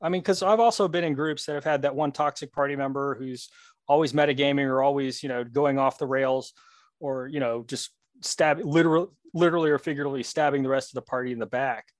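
A man's voice: mid-range voice, fast talker, no echo, studio quality. A man co-hosting a casual podcast chat, rambling with many restarts.

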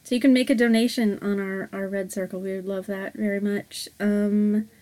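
Woman podcast co-host, mid pitch, loose rambling delivery full of hesitant fillers. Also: level tone, normal speed, warm tone. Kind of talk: casual podcast chat.

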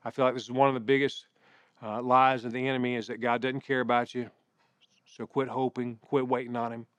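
A middle-aged pastor preaching a sermon in a conversational way, mixing scripture with personal stories. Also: male voice, medium pitch, flat delivery, brisk, smooth, no room sound.

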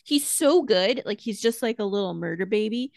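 A woman co-hosting a podcast in casual chat, excitable and gushing, swearing freely. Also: medium pitch, normal speed, creaky, no room sound, clean studio sound. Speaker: podcast co-host.

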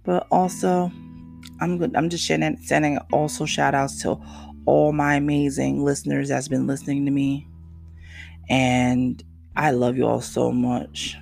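A man hosting his own podcast in casual solo talk, emotional and animated, slipping into soft whispery asides. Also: medium pitch, a little slow, gravelly, soft background music. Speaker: podcast host.

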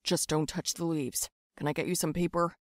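Woman playing a soft shy young guy, kind and calm, a bit lower than her own voice. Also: normal speed, no room sound, studio quality, lightly acted. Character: shy young man, gentle plant lover.

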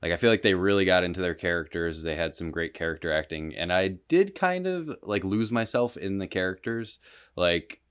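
A man co-hosting a podcast, retelling a film plot in a relaxed way with lots of fillers. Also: low-pitched, normal speed, clear, resonant tone. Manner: relaxed, filler-heavy storytelling. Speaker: podcast co-host. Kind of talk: casual chat.

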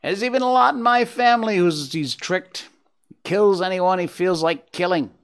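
A man voicing a bitter, loud female crow in a storybook reading, scolding the other animals. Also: high voice, normal speed, clear, resonant tone, pitched above the performer's own voice. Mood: grave.

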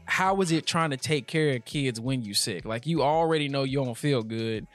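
A man's voice: mid-range voice, normal speed, soft background music. A young man and father, co-hosting a casual chat, telling stories with lots of energy and frequent laughs. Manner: animated storytelling, laughs often. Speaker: podcast co-host, father.

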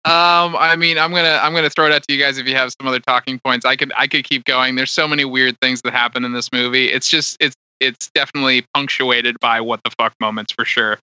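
A man co-hosting a casual movie podcast, animated and incredulous. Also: medium pitch, fast talker, few pauses, clear, resonant tone, no room sound, lo-fi sound. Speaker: podcast co-host. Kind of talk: casual movie review chat.

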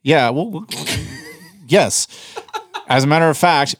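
A man co-hosting a casual podcast, talking in an animated, blunt way and swearing freely. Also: a little high, measured pace. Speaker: podcast co-host.

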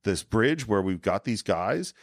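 Animated low-voiced man reviewing films. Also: a little slow, no room sound, clean studio sound. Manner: animated, retells scenes. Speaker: podcast co-host. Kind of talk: casual film review chat.

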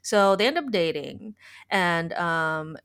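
A woman's voice: on the low side, expressive, slow, fairly bright tone, clean tone. A woman podcast host in casual chat, retelling a story in a rambling way full of "like.". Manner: rambling, heavy use of filler "like".

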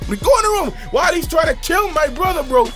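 A man telling a wild childhood story in a slangy, excitable way, shouting at the big moments. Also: very high voice, quick pace, over music. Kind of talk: animated casual storytelling.

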